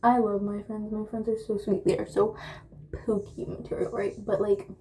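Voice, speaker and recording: A woman's voice: mid-range voice, level tone, normal speed, dark tone, a little hiss or hum. A young woman telling a dramatic storytime in a chatty, rambling way while doing her makeup. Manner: chatty, dramatic retelling with many asides and fillers. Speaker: beauty vlogger.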